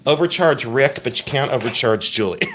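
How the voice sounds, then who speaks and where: A man's voice: mid-range voice, lively intonation, normal speed, a bit bright, a little hiss or hum. A man hosting a live jewelry sale stream, chatty and joking as he rambles about each piece. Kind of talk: casual live-stream selling.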